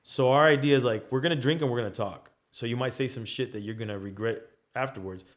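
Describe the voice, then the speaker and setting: A man's voice: medium pitch, quick pace. A man, a DJ guest on a podcast, talking in a laid-back way and swearing freely. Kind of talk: casual interview.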